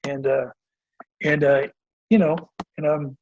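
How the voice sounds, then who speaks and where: A man's voice: a little high, flat delivery, unhurried, a little mellow, a little hiss or hum. A middle-aged man, a basketball coach, telling stories in a casual interview, earnest and rambling with lots of fillers and restarts. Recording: dull lo-fi audio.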